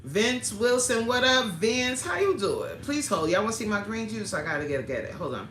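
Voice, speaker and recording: A woman with a medium-pitched, slightly bright voice hosts a casual livestream at a moderate pace, very animated as she chats and reads viewer comments aloud amid lots of laughter. The audio is reverberant with a little hiss or hum.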